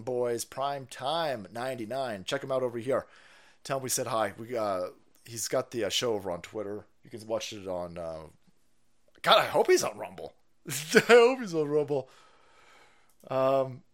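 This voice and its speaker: A man hosting a livestream, ranting profanely about politics and reading out chat messages, often repeating himself. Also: medium pitch. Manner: foul-mouthed, animated, repeats himself, reads chat aloud. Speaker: livestream host.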